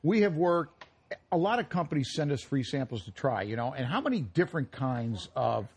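Speaking at normal speed with a medium pitch and big swings in intonation, a man co-hosts a cooking show on live radio. It's a remote broadcast from a retail store, and he's jokey and rambling, trading casual banter and coughing from time to time.

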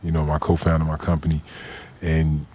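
A man's voice: very deep voice, completely flat delivery, fairly quick, mellow, slightly rough. A man as a podcast guest, telling a personal story in a laid-back, slangy way full of conversational fillers. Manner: laid-back, slangy, "you know what I'm saying" fillers. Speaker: guest, cannabis company founder. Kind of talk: casual storytelling interview.

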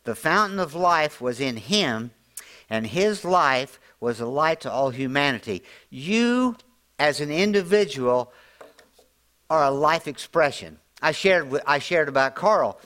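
A man preaching an informal, folksy sermon, often climbing higher and louder as he drives a point home. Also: expressive, measured pace. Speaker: pastor.

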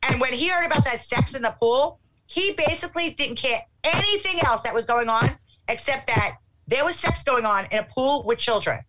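A middle-aged woman telling a casual anecdote in an animated way, acting out what people said. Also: sits high, normal speed, background noise. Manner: animated, acts out quotes.

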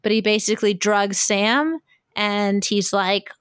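A woman's voice: mid-range voice, measured pace, a bit bright, smooth, no room sound, studio quality. A woman co-hosting a casual chat, animatedly retelling a story and quoting characters, swearing casually. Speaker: podcast co-host. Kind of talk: casual chat about fan fiction.

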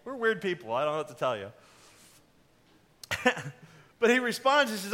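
A man pastor delivering a sermon in an animated storytelling way, acting out the characters. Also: sits high, moderate pace, pauses often.

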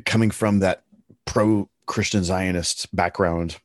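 A man co-hosting a casual talk show, asking thoughtful, measured questions. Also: sits low, steady tone, no echo, clean studio sound. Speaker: podcast co-host.

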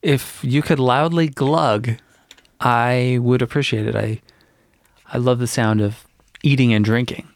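Podcast co-host, man, deadpan joker, mid-pitched, dry close sound. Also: a little slow, dry recording. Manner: dry, teasing humor and deadpan tall tales. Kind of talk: casual chat.

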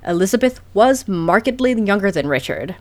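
A woman's voice: medium pitch, very animated, moderate pace, darkish tone, no echo. Laughing, swearing woman podcast host. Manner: laughs often, swears casually. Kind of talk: casual chat and storytelling.

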